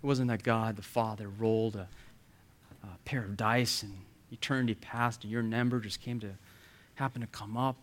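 A man's voice: on the low side, fairly even intonation, normal speed. A man preaching a sermon as a pastor, earnest and emphatic, sometimes dropping to a near whisper.

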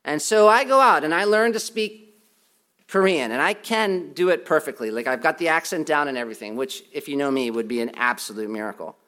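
Guy preaching, fairly high voice, hammers the point over and over, cracks jokes at himself. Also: animated, a little fast, bright, forceful tone. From United States. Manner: emphatic, repeats key points, self-deprecating humor. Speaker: pastor. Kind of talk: sermon.

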